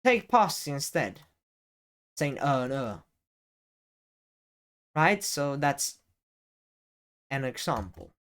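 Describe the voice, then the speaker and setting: A man's voice: medium pitch, big pitch swings, very slow, long pauses, fairly bright tone. A young man talking casually to camera as a YouTuber, rambling with many fillers and restarts and the odd swear word. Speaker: YouTuber giving advice. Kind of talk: casual on-camera advice talk.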